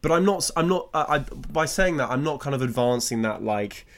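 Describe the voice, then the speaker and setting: Brief: male co-host, mid pitch, chatty, laughs easily, stop-start delivery. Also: lively intonation, a little fast. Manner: chatty, laughs often, restarts a lot. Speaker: podcast co-host. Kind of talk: casual chat about comedy.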